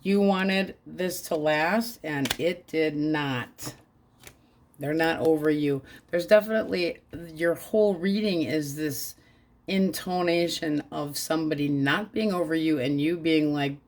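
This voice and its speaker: A woman's voice: sits low, slight background noise. A woman giving a casual tarot reading, talking bluntly and crudely in a frank, offhand way. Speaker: tarot reader.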